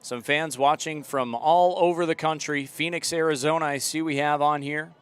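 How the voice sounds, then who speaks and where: A young man calling a live soccer match outdoors, relaxed and chatty, and loud on close chances. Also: a little high, normal speed, clean tone. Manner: relaxed chatty commentary, rising to loud excited calls. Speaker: play-by-play commentator. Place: outdoor stadium.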